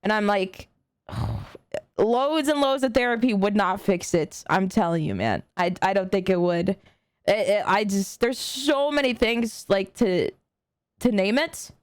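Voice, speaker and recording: A woman's voice: mid-range voice, lively intonation, measured pace, smooth, no room sound. A young adult woman streaming a reaction video, talking casually and earnestly to her chat with lots of slang, fillers and swearing. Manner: earnest, talks directly to chat.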